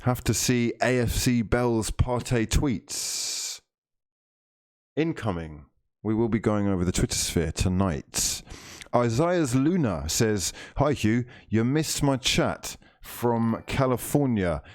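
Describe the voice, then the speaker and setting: A man's voice: mid-range voice, lively intonation, slow, no echo, clean studio sound. A man hosting a live stream, reading viewer comments aloud in a playful, mock-grand way.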